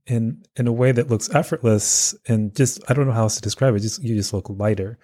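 A man's voice: medium pitch, brisk, warm tone, no echo, clean studio sound. A man hosting an interview, asking thoughtful questions and searching for his words as he talks. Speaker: podcast host.

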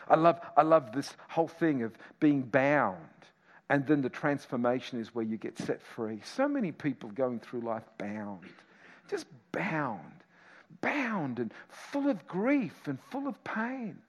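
A middle-aged male pastor preaching a sermon, moving between loud exhortation and quiet reflection. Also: on the high side, big-room sound, muffled recording.

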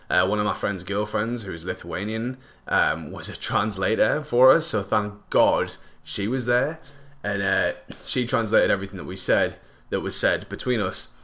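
A man's voice: on the low side, pushed and bright. A young man, chatting casually and jokily to camera, rambling with lots of fillers and slang. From northeast England.

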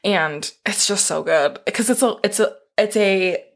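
A woman's voice: mid-range voice, a little slow. A woman co-hosting a podcast in casual chat, bubbly and laughing often. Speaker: podcast co-host.

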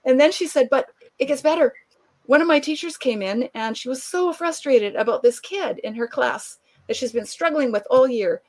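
A woman guest telling a long anecdote in conversation, animated and laughing often, acting out the people she quotes. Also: high voice, normal speed. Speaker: author and guest. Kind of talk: conversational storytelling.

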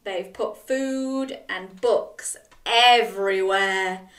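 A woman reading a children's picture book aloud, animated and full of gasps, inviting young listeners to join in. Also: medium pitch, drawn-out words. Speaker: storyteller for children. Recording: roomy, from a distance.

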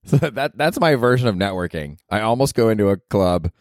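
A male comedian hosting his podcast, rambling casually and profanely, his pitch leaping up for emphasis. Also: expressive, brisk, darkish tone, no echo, clean studio sound.

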